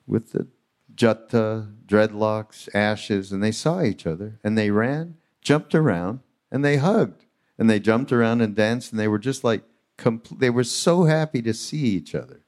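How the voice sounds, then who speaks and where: A man hosting a podcast live on a retreat stage, telling a spiritual story in an animated way. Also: fairly low pitch, a little slow. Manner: animated storyteller acting out quotes. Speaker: podcast host.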